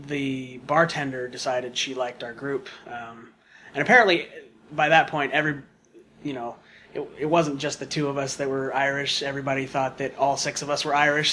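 A man recounts a long weekend story in a loose, rambling way. His voice is bright and forward, and the recording carries a faint background hiss. He is relaxed and chatty, with plenty of fillers. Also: medium pitch. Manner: rambling, many fillers and asides. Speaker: podcast guest. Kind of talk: casual storytelling.

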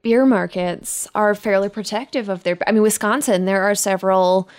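A woman co-hosts a podcast in a mid-range, slightly mellow voice, keeping a steady tone at normal speed. She chats casually and rambles a little.

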